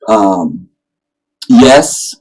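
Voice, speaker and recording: A man hosting a casual livestream, talking in an animated, rambling, joking way. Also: on the low side, very slow, breathy edge, poor audio. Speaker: livestream host.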